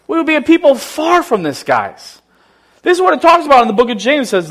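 A man's voice: very high-pitched, very animated, fast talker, fairly bright tone. A man pastor preaching a conversational, emphatic sermon. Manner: conversational, emphatic, laughs often.

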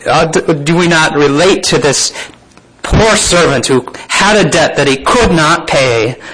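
Male preacher, mid pitch, reads scripture and adds informal comments to the congregation. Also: a little hiss or hum, poor audio. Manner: reads scripture then comments with asides and soft laughs. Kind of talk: sermon.

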